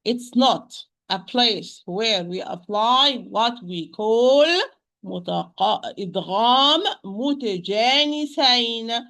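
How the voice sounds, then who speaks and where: A woman with an Arabic accent gives a slow, careful pronunciation lesson, repeating each sound several times. Her voice sits a little high, and she speaks gently to her listeners as dear sisters. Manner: patient, repeats sounds slowly to demonstrate. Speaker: Quran recitation teacher.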